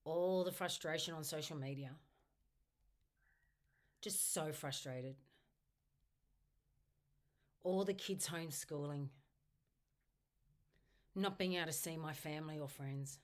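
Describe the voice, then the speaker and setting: Low-pitched woman, instructor leading a self-help tapping routine, steady repeated phrases. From Australia. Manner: slow repetitive affirmations, first person. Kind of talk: guided tapping script spoken aloud.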